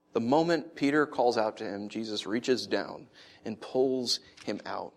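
A man preaching a sermon who tells stories with animated swings, then teaches in an earnest, conversational way. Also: normal speed. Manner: animated storytelling, lively swings in pitch and loudness. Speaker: pastor.

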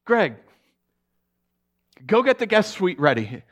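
A man's voice: high voice, very animated, slow, pitched above the performer's own voice, exaggerated voice. A man voicing a joyful middle-aged mother who gives eager orders in a raised voice. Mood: elated. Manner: eager and commanding.

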